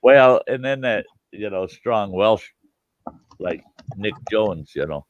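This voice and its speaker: A man's voice: lowish voice, expressive, slow, lo-fi sound, slight background noise. A man hosting a live chat stream, talking in an easygoing, rambling way. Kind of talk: casual chat.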